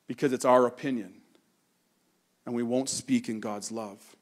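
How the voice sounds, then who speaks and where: A pastor giving an earnest sermon, telling a personal story in a conversational way and slowing down to stress key points. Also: male voice, medium pitch, fairly even intonation.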